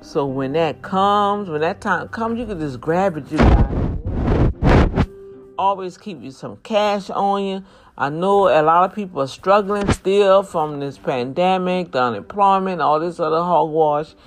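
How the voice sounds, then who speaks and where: A woman's voice: lowish voice, measured pace, over loud music. A woman from Louisiana talking casually to her viewers, earnest and preachy, warning them directly. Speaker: vlogger.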